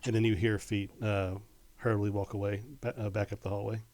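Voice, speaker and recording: A man running a tabletop game as game master, narrating in a halting way with many fillers and restarts. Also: fairly low pitch, flat delivery, a little mellow, dry recording.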